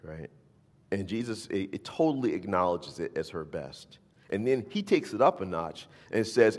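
Animated preacher in an echoing hall. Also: male voice, low-pitched, normal speed. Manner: animated, rising to near-shouts for emphasis; repeats words, asks "right?". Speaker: pastor. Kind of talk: sermon with scripture reading. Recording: long hall reverb.

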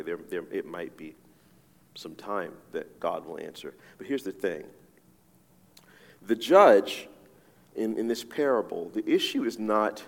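A man preaching a sermon as a pastor, talking conversationally with frequent asides and repeated "right?" checks to his listeners. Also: sits low. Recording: long reverb of a large hall.

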